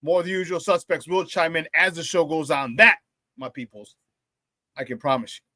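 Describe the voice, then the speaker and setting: Hyped-up bright-voiced sports show host. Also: male voice, fairly high pitch, normal speed, no echo. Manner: playful and hype, reading viewer comments with laughs. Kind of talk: casual morning show chat.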